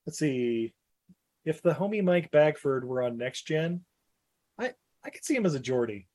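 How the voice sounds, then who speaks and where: A man's voice: a little high, sing-song, normal speed, a little mellow. A man co-hosting a casual podcast chat, laughing often and joking crudely. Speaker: podcast co-host.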